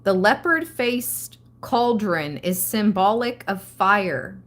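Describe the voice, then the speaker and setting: A woman hosting a live-stream tarot reading, reading card meanings aloud and breaking into excited asides. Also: medium pitch. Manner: slow, reads card text then riffs excitedly. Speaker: tarot reader.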